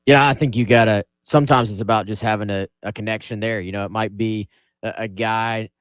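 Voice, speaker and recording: A man's voice: on the low side, fairly even intonation, fairly quick, clean tone, no room sound, clean studio sound. A man co-hosting a sports radio show, talking casually about recruiting. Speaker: radio co-host.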